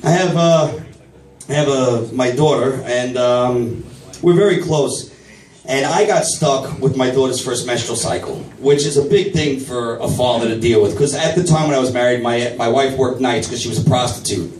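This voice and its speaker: A middle-aged man doing a crude, rambling stand-up set for a live audience, bursting into shouted voices for his own reactions. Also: mid-range voice, moderate pace. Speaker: stand-up comedian. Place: comedy night at a vape shop, live audience. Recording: roomy live venue, mic from a distance, crowd noise. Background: audience laughter and clapping.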